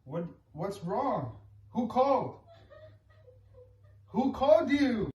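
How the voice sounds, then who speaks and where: A man's voice: very high-pitched, sing-song, slow pace, a little mellow, distant mic, muffled recording, slight background noise. Worried man in an echoey bathroom. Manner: worried, coaxing. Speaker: boyfriend being pranked. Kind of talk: casual home video. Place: bathroom, indoors.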